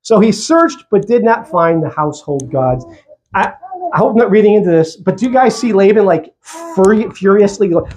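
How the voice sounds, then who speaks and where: Lively, conversational male preacher. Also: very high-pitched, moderate pace, slight background noise. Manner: lively and conversational, with jokey asides. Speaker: pastor. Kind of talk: sermon. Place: church.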